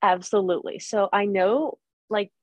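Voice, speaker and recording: A woman's voice: medium pitch, moderate pace, a little mellow, no room sound. A woman hosting a casual interview, chatty and encouraging toward her guest. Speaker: host.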